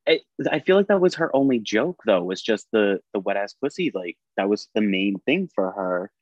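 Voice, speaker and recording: A man from the United States co-hosts a casual chat, agreeable and quick to laugh. His voice sits fairly low. The recording is dry and a little dull, with a muffled, lo-fi quality. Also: very animated, dry recording. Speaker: podcast co-host.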